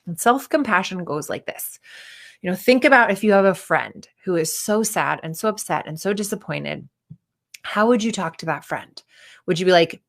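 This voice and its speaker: A woman's voice: fairly low pitch, lively intonation, normal speed, creaky. A woman in her thirties, a performance coach, giving a candid, casual talk and acting out the voices of people she quotes.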